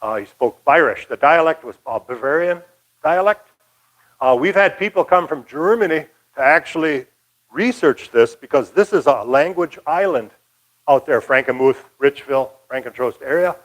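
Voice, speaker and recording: Give me an older man from Michigan giving a folksy, rambling local history talk, with a slightly high voice. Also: animated, normal speed, poor audio. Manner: folksy, rambling with many uh fillers. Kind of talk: casual lecture.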